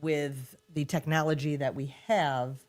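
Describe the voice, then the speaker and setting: A woman's voice: sits low, steady tone, unhurried, darkish tone. A woman co-hosting a podcast, chatting casually and laughing often. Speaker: podcast co-host.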